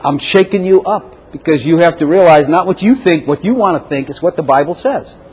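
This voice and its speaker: A man preaching a lively sermon with a slightly high, husky voice. He acts out quick back-and-forth exchanges and jumps up in pitch for the other voices. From Chicago. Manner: animated, acts out little dialogues in raised voice.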